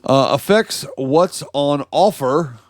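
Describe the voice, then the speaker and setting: A man's voice: a little high, animated, takes it slowly, no echo, clean studio sound. A man from the United States co-hosting a comedy podcast, reading news stories aloud and adding sarcastic mock explanations. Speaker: podcast co-host. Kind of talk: casual comedy podcast banter.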